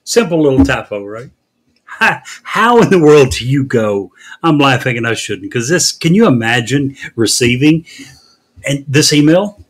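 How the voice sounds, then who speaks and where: A man's voice: mid-range voice, big pitch swings, moderate pace. A man hosting a casual news podcast, recounting stories in a wry way. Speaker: podcast host.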